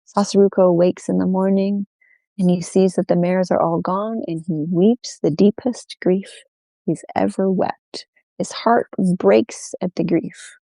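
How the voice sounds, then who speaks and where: Woman, storyteller, oral folk tale, unhurried, mellow dark tone, gravelly. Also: on the low side, fairly even intonation, no room sound. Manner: unhurried, with many repetitions.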